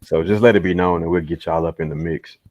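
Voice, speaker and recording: Deep-voiced laid-back male host. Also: fairly even intonation, quick pace, darkish tone, lo-fi sound. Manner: laid-back, swears freely, laughs often. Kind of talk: casual livestream chat.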